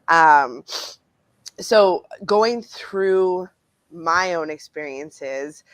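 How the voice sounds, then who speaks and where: Low-voiced woman author, lively. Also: dry recording, rough recording. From Canada. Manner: animated, laughing, acts out quoted voices. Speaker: author guest. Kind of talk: casual interview talk.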